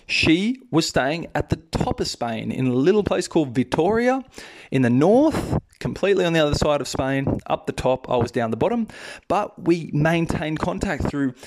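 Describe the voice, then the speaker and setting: Chatty Australian man telling a story. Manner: chatty, animated, raises pitch for quoted voices. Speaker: podcast host, English teacher. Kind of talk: casual storytelling.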